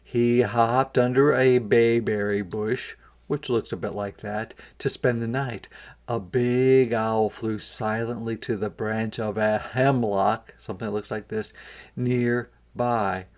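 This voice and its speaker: A man, a kindergarten teacher, reading a picture book aloud to young children and pausing to explain words. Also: medium pitch, fairly even intonation, darkish tone.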